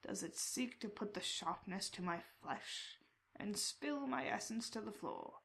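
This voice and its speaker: Woman doing a bird-headed chained creature, whispered role-play, raspy slow hiss, sinister musing, eerie. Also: mid-range voice, animated. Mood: creepy whisper. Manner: hushed, drawn-out, sinister musing.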